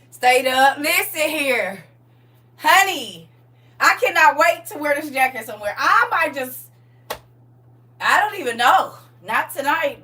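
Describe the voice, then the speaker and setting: A middle-aged woman chatting on a livestream from home, animated and talking straight to her viewers. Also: on the high side, recorded from a distance. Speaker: livestream host showing off a custom jacket. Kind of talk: casual livestream chat. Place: at home indoors.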